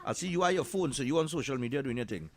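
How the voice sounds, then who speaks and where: Jovial radio host, lively pitch. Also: male voice, racing, creaky. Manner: jovial, teasing, loose. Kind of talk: casual live radio chat with students.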